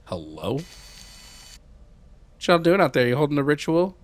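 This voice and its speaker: A man's voice: a little high, big pitch swings, moderate pace, pauses often, dry recording. A young man streaming a video game live, making sarcastic, profane jokes as he plays.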